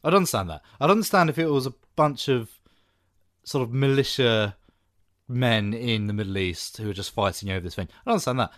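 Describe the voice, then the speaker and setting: A man in casual film chat, chatty and quick to laugh, often trailing off mid-sentence. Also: mid-range voice, fairly bright tone, no echo, studio quality. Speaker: podcast co-host.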